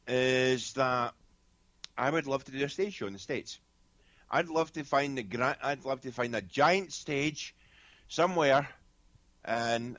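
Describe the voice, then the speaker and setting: A man's voice: medium pitch, a bit bright, no echo. A Scottish man, a guest medium, chatting casually on a podcast and telling stories with lots of restarts and fillers. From Scotland. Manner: rambling storyteller with many restarts and fillers. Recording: dull lo-fi sound.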